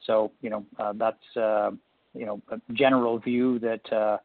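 A man speaking as a company executive on an earnings call, halting with many fillers. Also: fairly low pitch, flat delivery, gravelly, dry recording. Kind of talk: conference call answer. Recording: tinny phone line.

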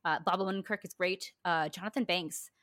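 A woman's voice: lowish voice, steady tone, normal speed, a bit bright, no room sound, studio quality. A woman co-hosting a casual podcast, chatty and giggly with lots of fillers. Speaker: podcast co-host. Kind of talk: casual chat.

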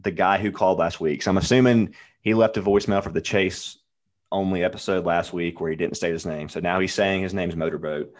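Deep-voiced, laid-back male podcast host. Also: steady tone, a little fast. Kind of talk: casual sports betting chat.

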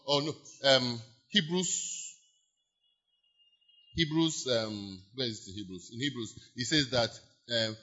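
A man's voice: medium pitch, a little slow, bright, forceful tone. A man preaching a sermon as pastor, emphatic, repeating key phrases and stretching words for stress while leading the congregation in declarations. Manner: leads the congregation in call-and-response declarations. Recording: dull lo-fi church sermon recording.

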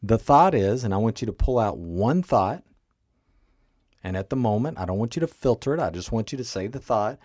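A man with a lowish voice talks listeners through a coaching tool on his podcast. He explains casually and keeps checking in with "right?" and "okay?". The sound is close and dry. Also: animated, a little fast, darkish tone, no echo. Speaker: life coach and podcast host.

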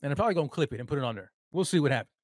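A man's voice: a little high, lively intonation, very fast, dry recording, clean studio sound. A man hosting a solo sports podcast, mocking and heated, hammering points by repeating himself. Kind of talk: solo sports commentary rant.

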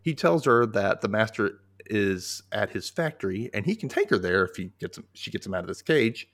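Casting note: male podcast host, lively swinging intonation, jokey recap banter. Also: fairly low pitch, normal speed. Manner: animated, jokey, acts out characters' lines. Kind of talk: casual recap chat.

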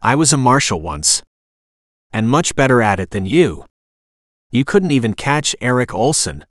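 A deep-voiced older woman of authority, read by a man in a storybook, cold and snide. Her delivery swings widely in pitch. The recording is dry and close. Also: big pitch swings, moderate pace, no room sound, natural voice. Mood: accusing. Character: stern, authoritative older woman, former marshal.

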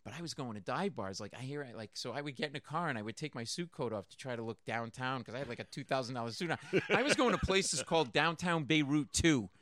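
A man's voice: medium pitch, fast, hardly any pauses, dry recording. A man, a comedian guest in a radio studio, telling rambling stories and acting out the voices in them. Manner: animated, rambling, acts out voices in his stories. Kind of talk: storytelling anecdote in a radio interview.

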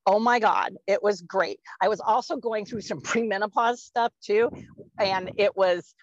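A woman's voice: mid-range voice, measured pace, dry recording, dull audio. A woman in her forties in casual podcast chat, rambling and laughing often as she talks. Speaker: podcast co-host.

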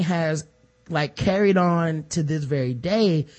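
Man, higher-pitched voice, podcast co-host, animated, acts out quotes in casual news talk. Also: slow pace, muffled recording.

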